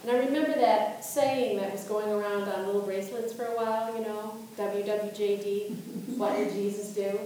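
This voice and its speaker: A woman's voice: medium pitch, steady tone, normal speed, few pauses, dark tone, slight background noise. A woman pastor giving a sermon, asking reflective questions and reading scripture aloud. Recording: echoey room, voice from a distance.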